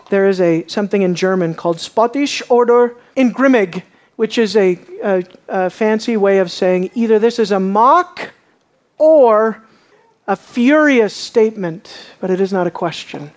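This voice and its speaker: A woman preaching a sermon, emphatic and dramatic, her voice swelling from quiet explanation up to shouting. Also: mid-range voice, measured pace.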